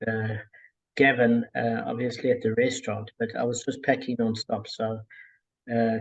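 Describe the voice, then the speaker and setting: A man leading a casual group study over a call, talking in a relaxed, digressive way with many fillers and a gravelly, husky voice. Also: mid-range voice, muffled recording. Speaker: Talmud study group leader.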